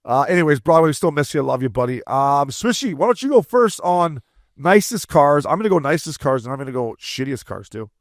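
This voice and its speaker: A man co-hosting a hockey podcast, telling profane, animated locker-room stories and acting out quotes. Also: a little high, a little fast, no room sound, studio quality. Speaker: podcast co-host, former hockey player. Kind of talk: casual chat.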